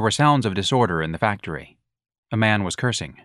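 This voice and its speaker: Man narrating an audiobook with a wry, lively delivery. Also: on the low side, fairly quick, no room sound, studio quality.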